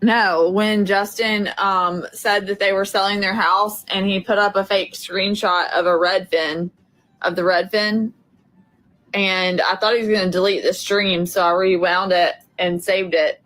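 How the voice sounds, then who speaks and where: A woman on a livestream panel, calmly recounting what she saw on another stream. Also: medium pitch, a little slow, poor audio. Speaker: panel guest. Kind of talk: casual chat.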